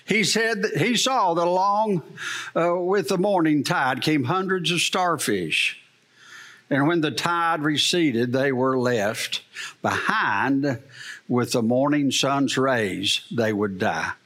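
A man's voice: a little high, slow, a bit bright. A middle-aged male pastor preaching a sermon, telling a story and asking the congregation rhetorical questions.

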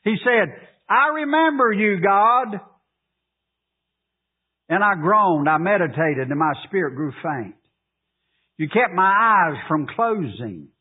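... high-pitched, animated preacher on tinny radio. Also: male voice, breathy edge. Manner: preaching, rising to emphatic high pleas, drawn-out delivery. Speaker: pastor. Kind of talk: sermon. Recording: tinny phone-like radio broadcast.

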